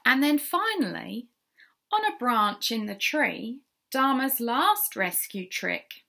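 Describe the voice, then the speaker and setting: A woman's voice: a little high, sing-song, takes it slowly, creaky, pushed and bright. A woman reading a rhyming picture book aloud to children, in a sing-song way, sometimes whispering and asking the listener questions. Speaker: children's storyteller.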